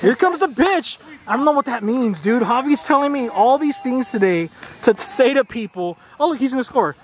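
A jumpy, easily startled man calling a softball game casually from the dugout. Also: very high voice, animated, moderate pace. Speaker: player commentating from the dugout. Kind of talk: casual play-by-play commentary. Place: outdoor softball field.

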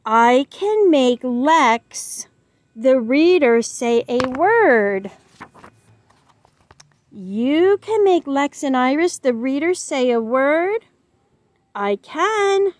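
A woman voicing silly, excitable animal friends from a storybook, in a playful, exaggerated read-aloud manner. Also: sits high, extremely slow, no room sound, exaggerated voice. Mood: excited.

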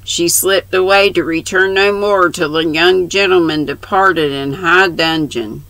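An older woman reading a novel aloud, slow and unhurried, stopping to correct herself and mutter asides. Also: lowish voice, steady tone, fairly bright tone, dry recording, poor audio. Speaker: channel host reading aloud.

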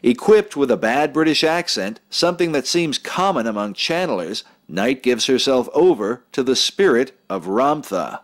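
A man giving measured, grave scripted narration for a documentary. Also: mid-range voice, lively intonation. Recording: narration over clear music.

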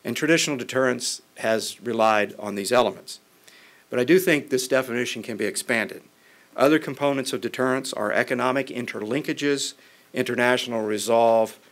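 A man, a member of Congress, delivers a formal policy address at a podium microphone. His pitch sits in the middle of his range. He speaks in a measured, deliberate way and sometimes restarts a phrase. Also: a bit bright.

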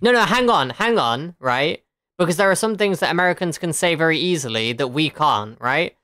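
A woman's voice: sits low, lively intonation, normal speed, fairly bright tone, dry recording, clean studio sound. A woman game streamer chatting casually, laughing often, swearing and answering her chat.

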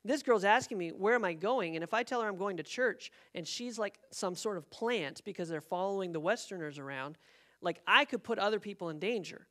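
A man preaching as a pastor, telling a personal story in an animated way and acting out the quotes. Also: high-pitched, brisk. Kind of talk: sermon storytelling. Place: church sanctuary.

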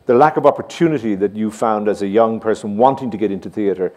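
A man with a Dublin Irish accent hosting a conversation onstage, measured and dryly witty. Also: on the low side, darkish tone. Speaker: host and theatre director. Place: theatre stage before an audience.

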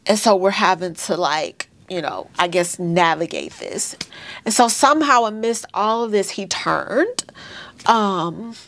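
A woman in her thirties tells her own painful story to her viewers, halting and emotional, calling them y'all. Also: mid-range voice, expressive, fairly bright tone. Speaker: vlogger sharing a birth story. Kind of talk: personal storytelling to camera.

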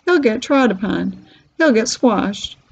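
Storybook dad: a woman reads a gruff, blunt father with a husky, gravelly edge, muffled lo-fi sound. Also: fairly high pitch, lively intonation, takes it slowly, exaggerated voice. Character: blunt, grumpy sarcastic father. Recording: dull lo-fi recording.

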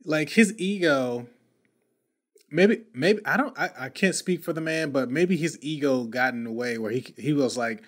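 A man's voice: fairly high pitch, normal speed. A male podcast host telling a story in casual, slangy talk, often repeating and restarting words.

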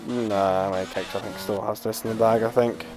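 A man's voice: lowish voice, fairly even intonation, normal speed, darkish tone, soft background music, poor audio. A man co-commentating a live online racing league, laid-back and dry, sounding tired.

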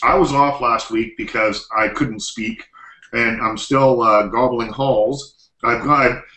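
A man's voice: medium pitch, slow, bright, forceful tone, roomy sound, low-quality recording. A man co-hosting a podcast, chatty and rambling with many fillers. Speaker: podcast co-host. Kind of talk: casual chat.

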